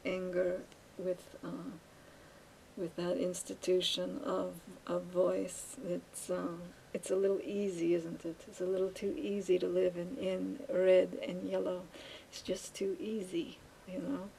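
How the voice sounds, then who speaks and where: Low, gravelly woman musing aloud. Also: completely flat delivery, mellow, slight background noise, low-quality recording. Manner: halting, many fillers and restarts, musing. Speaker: vlogger. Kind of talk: rambling casual monologue while painting.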